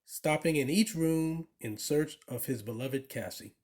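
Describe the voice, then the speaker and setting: A man reading a children's picture book aloud, with expressive, animated storytelling. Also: a little high, unhurried. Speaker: storybook reader.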